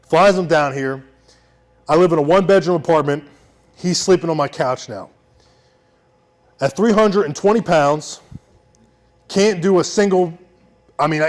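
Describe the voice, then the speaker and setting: A young man telling a personal story on stage, intense, swinging from loud shouting to hushed quiet. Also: on the high side. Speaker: veteran storyteller.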